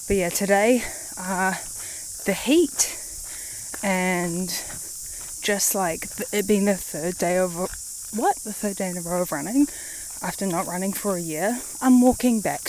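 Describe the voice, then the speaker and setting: A woman's voice: medium pitch, a little mellow, slight background noise, poor audio. A woman, chatting casually to camera in a rambling vlog. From New Zealand. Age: late 20s. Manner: rambling, chatty, with frequent fillers. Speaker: vlogger.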